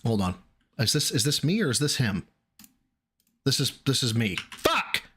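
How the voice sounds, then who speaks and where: A man with a Midwestern American accent reacting to a clip on his live stream, swearing and exasperated, his voice jumping high. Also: animated, moderate pace, a bit bright, slightly rough. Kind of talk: casual live-stream commentary.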